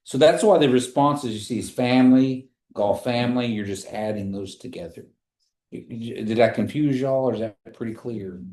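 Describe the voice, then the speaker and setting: A man teaching a classroom language lesson, patiently repeating phrases slowly for his students. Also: mid-range voice, mellow. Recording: echoey room.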